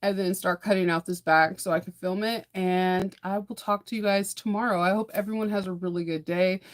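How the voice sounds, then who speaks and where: A woman's voice: mid-range voice, steady tone, fairly quick, slight background noise. A woman, chatting casually to her viewers in a sewing vlog, laughing often and repeating words as she restarts. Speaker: sewing and bag-making vlogger.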